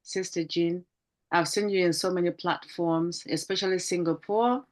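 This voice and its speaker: A woman's voice: on the low side, steady tone, normal speed. Fervent woman giving a tribute speech. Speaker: panel team member. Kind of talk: tribute speech on a video call.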